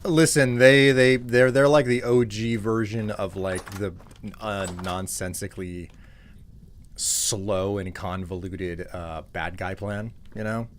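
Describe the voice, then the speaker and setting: A man's voice: lowish voice, takes it slowly, a little hiss or hum. A man hosting a livestream, chatting casually while playing and often restarting his sentences. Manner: animated, stumbles into restarts. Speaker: streamer host. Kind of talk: casual chat while gaming.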